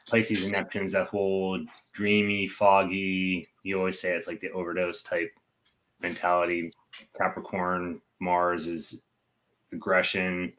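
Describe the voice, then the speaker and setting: A man's voice: deep voice, bright, forceful tone. A man co-hosting a casual chat show, talking in a loose, rambling way. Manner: rambling, full of "like" fillers. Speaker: co-host.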